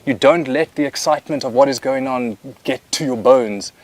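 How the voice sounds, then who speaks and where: A man working as a wildlife cameraman, answering interview questions casually with relaxed, dry humor. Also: medium pitch, moderate pace.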